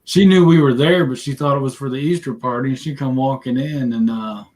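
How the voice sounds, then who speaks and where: A man chatting casually in a live chat, friendly and quick to laugh. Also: medium pitch, darkish tone, slight background noise. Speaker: chat guest.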